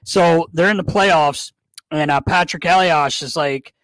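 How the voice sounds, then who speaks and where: A man co-hosting a podcast, telling an animated story full of quoted dialogue in casual chat. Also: a little high, measured pace, no room sound, rough recording. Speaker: podcast co-host.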